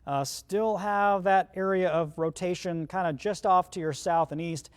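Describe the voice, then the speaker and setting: A man's voice: high voice, a little slow, clean tone. A man, the chief meteorologist, giving live storm coverage as he walks viewers through radar in a conversational, urgent way, with hiccups. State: has the hiccups. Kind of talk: live broadcast weather coverage.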